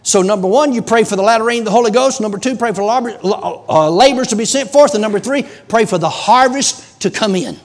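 A middle-aged man preaching with a drawl, his voice sitting notably high for a man. He talks in a homespun, emphatic way, weaving stories into his exhortations. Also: brisk, few pauses. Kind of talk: folksy revival preaching.

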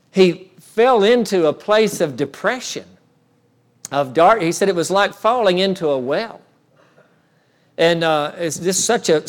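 A male pastor telling a story in a sermon, with frequent restarts that build in intensity. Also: a little high. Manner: storytelling, many restarts, rises in intensity when recounting.

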